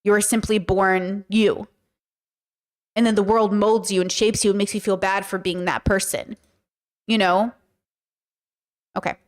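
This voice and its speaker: A woman's voice: medium pitch, level tone, a little slow, long pauses. A woman hosting a casual commentary, talking in an emphatic, sarcastic way. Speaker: commentary host.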